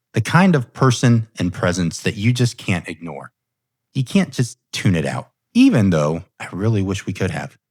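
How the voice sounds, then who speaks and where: A middle-aged man hosting a coaching podcast, telling a personal story in an intense, emphatic and deliberate way. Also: low voice, no echo, clean studio sound. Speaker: leadership coach.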